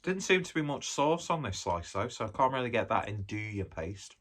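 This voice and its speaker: A man's voice: on the low side, big pitch swings, moderate pace, a bit bright, breathy edge. A man, chatting casually while reviewing and eating a pizza, rambling from one aside to the next. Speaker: food reviewer. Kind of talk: casual food review vlog.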